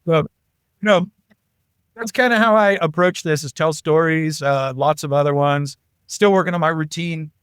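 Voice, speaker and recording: Guy on a podcast telling stories, kinda high voice, animated, dry close sound. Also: moderate pace, smooth, no room sound. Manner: animated, jumps into quoted voices. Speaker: podcast guest. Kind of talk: casual anecdotal storytelling.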